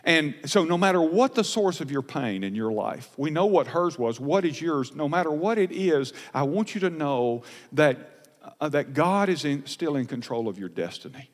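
A man's voice: on the high side, expressive, moderate pace. A man pastor preaching a sermon, earnest and emphatic, recorded in a large church sanctuary. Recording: long church hall reverb.

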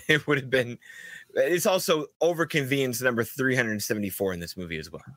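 Sardonic man with a bright voice. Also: medium pitch, fairly quick, no echo. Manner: sardonic, laughs often. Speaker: podcast co-host. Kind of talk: casual film discussion.

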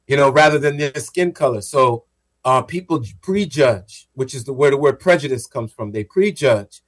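A man co-hosting a radio talk show, explaining ideas in a measured, casual way. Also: mid-range voice, a bit bright. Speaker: radio co-host.

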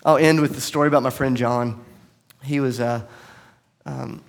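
Gravelly-voiced man preaching a sermon. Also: mid-range voice, fairly even intonation, moderate pace. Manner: earnest storytelling, drops to soft quiet tones for emphasis. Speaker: pastor. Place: church sanctuary.

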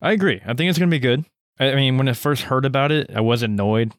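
A man chats on a podcast in a middle-pitched voice, hesitant and prone to repeating words before settling his point. He laughs now and then. The sound is dry and close. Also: quick pace, no room sound. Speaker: podcast co-host. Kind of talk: casual chat.

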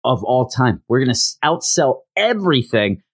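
Brief: man putting on a boastful, excitable teen boy. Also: mid-range voice, normal speed, slightly rough, no echo, clean studio sound. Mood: pumped. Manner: boastful, exclaiming. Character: brash, fired-up teenage boy.

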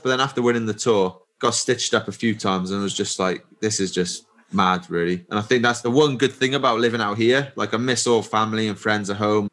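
A man in his thirties, a pro cyclist, telling stories in a relaxed interview chat with lots of fillers. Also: fairly low pitch. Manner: relaxed storytelling with many fillers. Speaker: professional cyclist guest.

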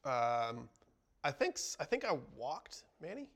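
A man hosting a podcast, telling a relaxed story in casual chat, laughing often and filling with "like". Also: a little high, a little slow. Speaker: podcast host, baseball pitcher.

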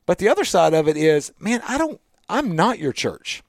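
A man's voice: sits high, sing-song, normal speed, creaky, no room sound. A man co-hosting a radio talk show, chatting casually in a small office studio, laughing often and talking like a preacher.

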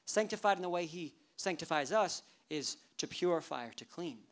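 A pastor giving a church sermon, talking in a lively way, asking the congregation rhetorical questions and dropping joking asides. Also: medium pitch, moderate pace. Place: church service.

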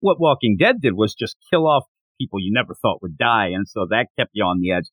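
A man co-hosting a podcast in casual discussion, slipping into quick put-on voices for the characters. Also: on the low side, lively intonation, a bit bright, breathy edge, no room sound. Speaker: podcast co-host.

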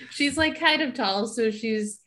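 A woman's voice: fairly high pitch, slow pace, pushed and bright, a little hiss or hum. A woman describing her character in a tabletop game, rambling with many fillers and giggles. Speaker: player.

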